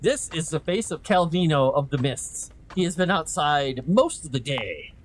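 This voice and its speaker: A man chats goofily while he streams a game, and his pitch swings widely through every sentence. A steady noisy background sits behind his voice. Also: moderate pace. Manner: goofy, chatty. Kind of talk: casual gameplay commentary.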